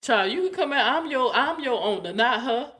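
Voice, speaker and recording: A woman's voice: fairly high pitch, expressive, moderate pace, fairly bright tone, breathy edge. A woman in her forties, hosting a casual livestream, chatting with viewers and playfully coaxing her dog. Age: 40s. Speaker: livestream host.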